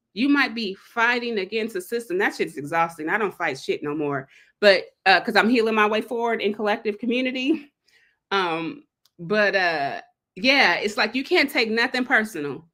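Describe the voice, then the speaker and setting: A woman hosting a live read-along, chatting casually and digressing, acting out quotes with big leaps in pitch. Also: pushed and bright. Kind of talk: casual livestream talk.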